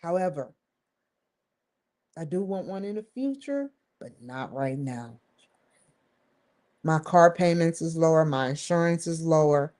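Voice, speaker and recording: A woman's voice: sits low, animated, measured pace, pauses often, a little mellow. A woman talking to the camera in a rambling, candid vlog monologue, swearing freely and leaning hard on stressed words. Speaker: vlogger.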